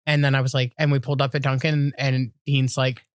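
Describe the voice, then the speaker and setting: A woman's voice: rumbling low, level tone, brisk, dry recording, studio quality. A woman, co-hosting a podcast and telling rambling, profane stories in casual chat. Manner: rambling storyteller, swears freely, acts out voices. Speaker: podcast co-host.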